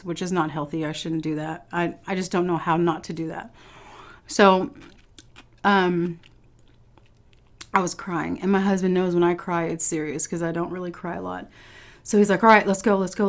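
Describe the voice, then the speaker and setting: A young woman who vlogs about food tells her viewers a personal story in a chatty, casual manner, with her voice on the low side. She swears occasionally and laughs along the way.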